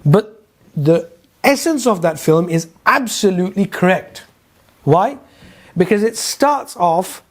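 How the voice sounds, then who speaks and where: A middle-aged Islamic teacher with a London English accent leads a Quran lesson for a class in a conversational style, questioning the audience and telling stories as he goes. His voice is high-pitched, darkish in tone and slightly rough.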